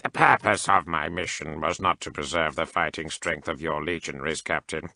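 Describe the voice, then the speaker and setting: A man voicing a deep, bright-edged emotionless machine adept. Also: fairly even intonation, moderate pace, vocal fry, no echo, exaggerated voice. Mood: cold. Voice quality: mechanized, emotionless. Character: cold mechanical cyborg male adept, calm and unfeeling.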